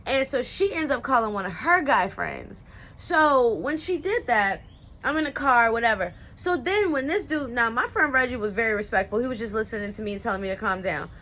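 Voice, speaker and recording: A woman's voice: on the high side, expressive, a little fast, fairly bright tone. A young woman telling a personal story in a casual, slangy style, full of "like" and "you know what I'm saying.". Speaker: storyteller vlogger.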